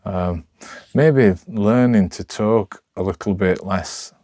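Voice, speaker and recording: Sheffield bloke vlogging off the cuff, rough broad voice, loads of restarts, dry close sound. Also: male voice, low-pitched, mellow, dry recording. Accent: Sheffield, Yorkshire. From Sheffield, England. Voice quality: rough, broad local speech. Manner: rambling, halting, many restarts. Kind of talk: unscripted talk to camera.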